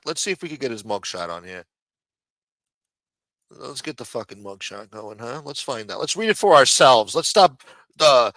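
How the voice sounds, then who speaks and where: A man's voice: lowish voice, bright, forceful tone, dry recording, studio quality. A man hosting a live commentary stream, sarcastic, profane and mocking as he talks. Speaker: livestream host.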